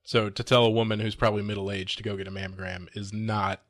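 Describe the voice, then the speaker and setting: A man's voice: fairly low pitch, level tone, quick pace, a bit bright. A man co-hosting a casual podcast, reading odd news items aloud and adding dry remarks.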